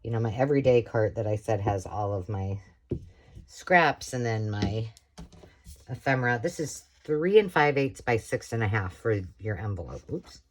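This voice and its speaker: A middle-aged American woman with a slightly hoarse voice, chatting casually while making a craft project. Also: rumbling low, expressive, moderate pace. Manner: chatty, rambling, self-talk while working. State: slightly hoarse, frog in throat. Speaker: crafting tutorial host. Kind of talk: casual craft tutorial chat.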